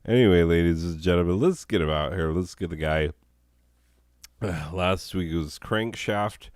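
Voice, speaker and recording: A hoarse, sick man hosting a comedy show, rambling in a deadpan way with chuckles and coughs. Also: low-pitched, unhurried, no echo, clean studio sound.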